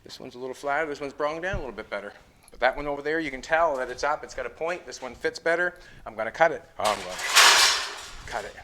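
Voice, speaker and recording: A man's voice: mid-range voice, animated, fast talker, background noise. A middle-aged man building a car in his garage, rambling and thinking aloud to the camera as he fits and tacks metal. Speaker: car builder and show host. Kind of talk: casual shop talk while working. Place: garage workshop.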